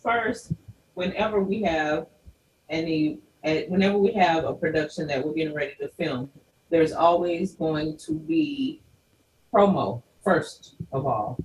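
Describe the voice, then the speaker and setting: Pria yang jauh dari mikrofon di ruangan bergema. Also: male voice, on the high side, lively intonation, unhurried. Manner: explains at length with many restarts. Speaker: guest from a film company. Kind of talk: casual interview. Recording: roomy, distant from the mic, faint noise.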